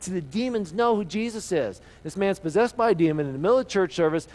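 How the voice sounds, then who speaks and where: A man preaching a sermon as pastor, earnest, asking the listeners questions and dropping to a hushed voice for emphasis. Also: high-pitched, lively intonation, fast talker, hardly any pauses, rough recording.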